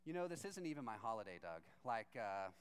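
A man voicing his calm, matter-of-fact male neighbor in a comic story. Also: fairly low pitch, a little fast, smooth, in a large hall, pitched below the performer's own voice.

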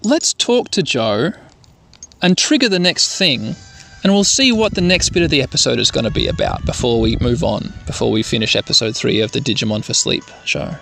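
A man's voice: medium pitch, lively intonation, normal speed, creaky, fairly bright tone. A man hosting an easygoing, rambling let's-play commentary meant for sleep. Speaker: host. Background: faint music.

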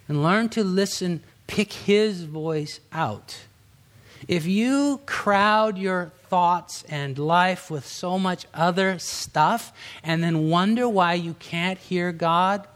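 A middle-aged man with a high-pitched voice delivers a sermon as a pastor. He preaches in an easy, conversational way, acting out quotes with sudden rises and hushed drops.

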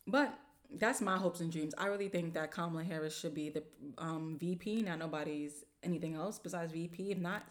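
A woman hosting her own podcast, talking in a casual, slangy, animated way and swearing freely as she rants with exasperation. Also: on the low side, a little fast. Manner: slangy informal speech. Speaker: podcast host. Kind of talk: casual solo podcast rant.

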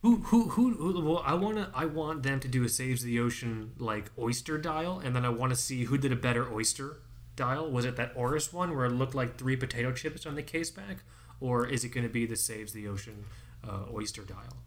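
A man from South Florida trades jokes and quick banter as co-host of a casual chat. His voice sits at a plain middle pitch. He talks in an animated, playful way. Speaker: podcast co-host.

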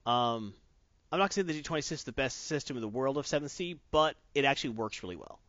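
A man's voice: mid-range voice, expressive, fast talker, a bit bright, no room sound. An enthusiastic man rambling in casual chat, often breaking off to restart his sentences. The recording is a bit dull and very dry, with no room sound. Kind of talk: casual chat about tabletop games.

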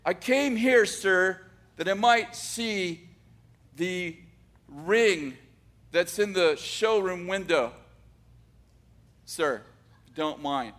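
A man's voice: sits high, steady tone, normal speed, fairly bright tone, pitched above the performer's own voice. A man doing a jittery, stammering teenage boy. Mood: nervous. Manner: stammering, overly polite. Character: nervous teenage boy, timid and self-scolding.

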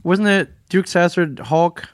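A man co-hosts a casual comic book chat. He breaks in with short, quick interjections. His voice sits a little high and sounds dry and close. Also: no room sound. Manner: quick interjections and back-channel replies. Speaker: podcast co-host.

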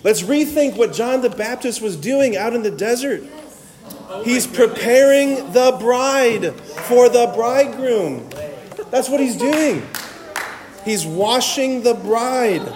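A man with a notably high voice delivers an animated, humorous talk on faith to a live audience. He keeps it conversational and keeps checking in with his listeners. The sound rings out with the long reverb of a large hall. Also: slow pace. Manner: energetic, joking, conversational, full of "right?". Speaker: Catholic speaker.

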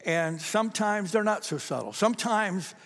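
A man's voice: high-pitched, animated, normal speed. A man preaching a sermon as pastor, in a conversational style that often repeats words. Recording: long reverb of a large hall.

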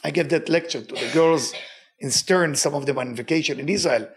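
A man teaching a weekly Torah lesson with a noticeable non-native accent, animated, swinging his pitch and repeating for emphasis. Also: brisk.

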